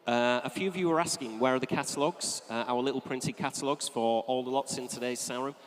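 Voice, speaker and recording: A man calling bids as an auctioneer in a sale room, with brisk, coaxing, repetitive patter. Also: mid-range voice. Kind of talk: live auction bid calling. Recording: long reverb of a large hall.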